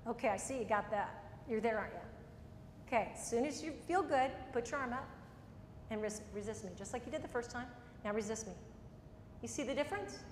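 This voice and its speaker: Woman, high voice, workshop trainer, direct and brisk, echoey room with long reverb. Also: slight background noise. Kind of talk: live workshop lecture and demo. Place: meeting room before a group. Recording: echoey room, mic at a distance.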